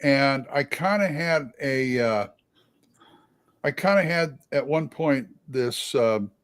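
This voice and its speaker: A man co-hosting a livestream, telling rambling anecdotes in casual chat with many fillers. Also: mid-range voice. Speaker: livestream co-host and theater actor.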